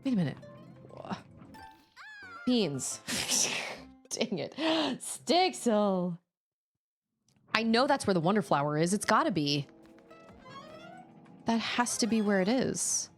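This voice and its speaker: A woman streaming a game, chatting casually and reacting with quick exclamations as she plays. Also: mid-range voice. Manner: chatty, animated, quick exclamations and laughs while playing. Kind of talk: casual live-stream chat while gaming. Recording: faint game music behind.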